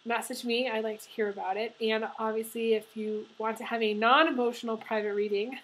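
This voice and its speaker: Woman, tarot reader, tearful, emotional, somewhat high voice, rambling. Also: little pitch movement, moderate pace, sharp tone, poor audio. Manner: emotional, tearful, laughing through tears. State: crying. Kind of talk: casual tarot reading to camera. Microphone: camera.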